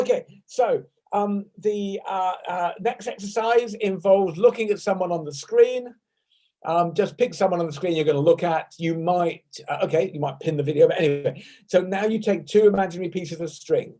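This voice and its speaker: A man's voice: high-pitched, moderate pace, warm tone, rough recording. A man with a British accent leading a laughter yoga session over a video call at his desk, talking in a playful, chatty way and breaking into bursts of laughter. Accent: British English. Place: at a desk at home. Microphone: desk microphone.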